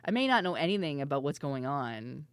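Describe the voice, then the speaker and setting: A woman streamer chatting casually and loudly with her viewers, laughing often and swearing freely. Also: low-pitched, sing-song, brisk, clear, resonant tone, dry recording. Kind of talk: casual live-stream chat.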